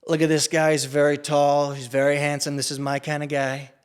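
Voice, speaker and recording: A man doing an impression of a brash, flattering older male politician who speaks in short, repeated phrases. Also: fairly high pitch, a little fast, clean tone, lightly acted. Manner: clipped repetitive phrases.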